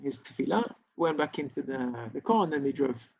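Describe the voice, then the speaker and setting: Rabbi telling a story, dull recording. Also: male voice, medium pitch, expressive, fairly quick, creaky. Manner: informal, anecdotal, frequent restarts and Hebrew terms. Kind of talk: storytelling Torah class.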